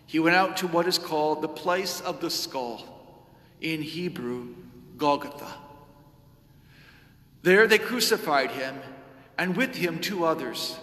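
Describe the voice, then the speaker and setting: A man's voice: a little high, lively intonation, sharp tone. Solemn male lector in an echoey church. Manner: measured, solemn reading. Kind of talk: liturgical scripture reading. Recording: echoey church with long reverb.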